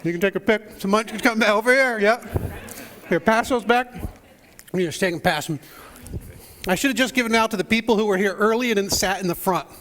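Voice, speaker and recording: A man's voice: sits high, a little fast, a bit bright, long reverb tail. A male pastor opening a sermon in a church, joking and chatting straight to the people in the pews. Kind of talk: playful sermon opening with audience interaction. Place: church sanctuary.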